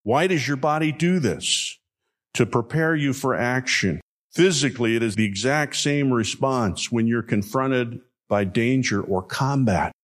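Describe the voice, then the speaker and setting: A pastor delivering a sermon, speaking emphatically and repeating key phrases for effect. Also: male voice, mid-range voice, a little slow.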